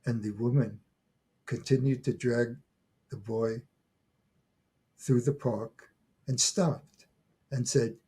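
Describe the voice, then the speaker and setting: A man in his eighties, a guest on an interview podcast, speaking haltingly and often repeating words as he restarts his sentences. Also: mid-range voice, fairly even intonation, mellow, husky. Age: 80s. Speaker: guest, folklore scholar. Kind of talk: conversational interview.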